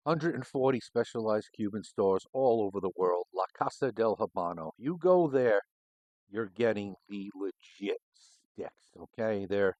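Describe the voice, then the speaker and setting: Low-voiced profane middle-aged man. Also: lively intonation, measured pace, a little mellow, no echo, highs cut off. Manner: profane, rambling and anecdotal. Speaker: cigar show host, former homicide detective. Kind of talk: casual storytelling.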